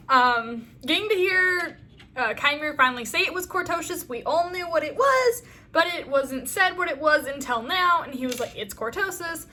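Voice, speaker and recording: A woman's voice: sits high, sharp tone, a little hiss or hum. A woman reviewing a TV episode in a casual chat, enthusiastic and rambling, with lots of "um" and "like". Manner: enthusiastic, rambling, heavy use of fillers. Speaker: fan video reviewer.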